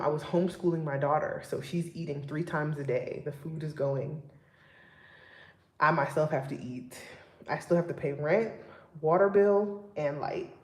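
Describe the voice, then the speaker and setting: Lively young woman venting, echoey room. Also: low-pitched. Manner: emphatic, rising to loud exasperation when venting. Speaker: vlogger, single mom. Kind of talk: casual livestream chat.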